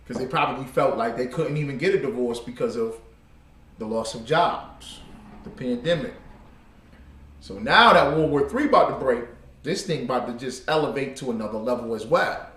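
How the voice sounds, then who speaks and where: A man's voice: medium pitch, fairly bright tone, slight background noise. A man teaching an informal class, telling stories in an emphatic, repetitive way with casual slang. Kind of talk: informal class talk with storytelling. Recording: echoey room.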